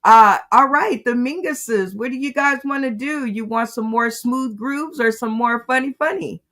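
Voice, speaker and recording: A woman's voice: fairly high pitch, moderate pace, a bit bright. A woman hosting a live comedy radio show, hyping up the guests in an upbeat way. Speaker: radio host.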